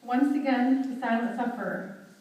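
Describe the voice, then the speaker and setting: Young adult woman, earnest eulogy, high and warm-toned, heard from a distance in a very echoey hall. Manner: earnest, heartfelt, measured. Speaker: daughter giving a eulogy. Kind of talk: read memorial eulogy. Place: memorial service hall.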